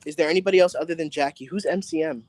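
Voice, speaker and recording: A man with a fairly high voice runs a psychic reading stream from outside in the sun, talking into his phone. He is chatty and easily excited, cursing offhand as he speaks directly to the people watching. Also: very fast, dry recording. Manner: excitable, chatty, swears casually, addresses viewers directly. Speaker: psychic tarot reader hosting a live stream. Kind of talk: casual live-stream reading. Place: outdoors in bright sun.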